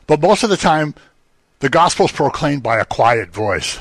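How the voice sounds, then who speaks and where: A man's voice: mid-range voice, big pitch swings, normal speed, a bit bright, no room sound. A man preaching a sermon in a conversational teaching manner, rising emphatically on key phrases. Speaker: pastor.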